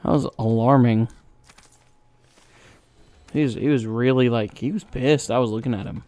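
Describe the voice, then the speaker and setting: A man chatting his way through a game stream in a mid-range voice. He talks loosely and jokingly, reacts loudly to scares and puts on silly voices for the characters. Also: mid-range voice, moderate pace, long pauses. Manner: exclaims at sudden scares. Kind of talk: casual gameplay commentary.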